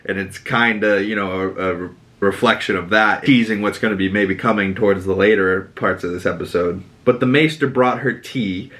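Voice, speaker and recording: A man with a Boston accent recapping a TV episode as a podcast host, animated and sweary, acting out characters' lines. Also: normal speed. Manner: animated, quotes characters with dramatic pitch jumps and swearing. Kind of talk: casual recap monologue.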